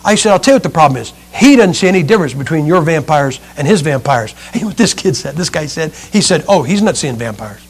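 High-voiced man preaching a sermon. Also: lively intonation, quick pace, few pauses. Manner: emphatic, swings between loud and hushed.

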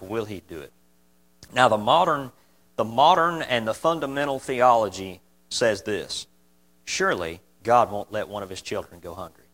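Male preacher, middle-pitched, fervent but folksy, repeats his points, loud peaks and soft asides. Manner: impassioned, repeats key phrases, swings from loud to quiet. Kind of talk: sermon.

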